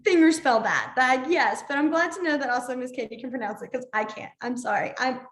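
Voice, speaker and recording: A woman's voice: high voice, a little fast, a bit bright, echoey room. A young woman teaching a sign language class online, chatty, apologetic and easily sidetracked, laughing often.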